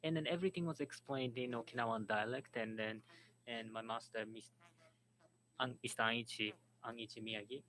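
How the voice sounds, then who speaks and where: Guy moderating a panel and interpreting, bright voice, keeps stopping and restarting. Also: mid-range voice, fairly even intonation, poor audio. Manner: halting, restarts words, relays a speaker's account. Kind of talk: symposium panel talk.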